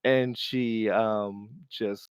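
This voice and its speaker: A man narrating as game master of a tabletop game, relaxed and unhurried, with many fillers. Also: on the low side, smooth, no room sound, clean studio sound.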